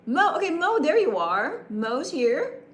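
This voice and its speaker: A woman's voice: sits high, big pitch swings, measured pace, echoey room. A woman live streaming a rambling late-night chat with viewers, greeting them by name, with a broadcaster-like voice.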